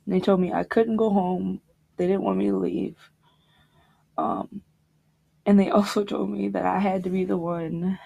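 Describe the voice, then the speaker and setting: A young woman on a podcast telling a personal story about grief, halting and reflective, with pauses and restarts. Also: mid-range voice, vocal fry, dark tone. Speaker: podcast guest.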